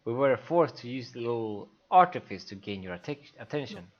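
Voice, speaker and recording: Figure: a man doing a steady adult guardian. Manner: plain, firm. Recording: dull, lo-fi. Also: mid-range voice, normal speed, close to an everyday voice.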